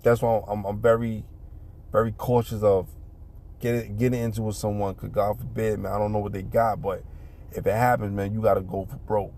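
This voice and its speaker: A man's voice: lowish voice, little pitch movement, fairly quick, mellow, a little hiss or hum. A middle-aged man, casually telling a street story and acting out punches with sound effects. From New York City.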